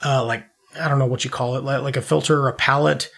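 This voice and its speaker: His voice is mid-range and gravelly, fairly bright, with fairly even intonation and a quick pace. He's a man and self-described dad co-hosting a podcast, rambling through a movie plot amid lots of profanity and laughter in a casual review chat.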